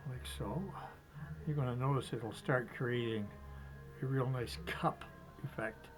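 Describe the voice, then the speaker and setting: A man demonstrating fly tying step by step, chatty and relaxed, talking to himself as he works. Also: medium pitch, a little slow, music in the background, poor audio. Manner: chatty, talks to himself while working, chuckles.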